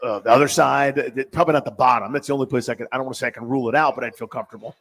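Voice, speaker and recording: Easygoing American sports radio co-host. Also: male voice, mid-range voice, fairly bright tone, in a large hall. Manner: easygoing, quick to banter.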